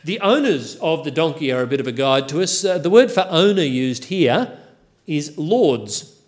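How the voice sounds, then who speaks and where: A man's voice: on the high side, very animated, normal speed. A man preaching a sermon, walking through a Bible passage with wry, self-deprecating humour.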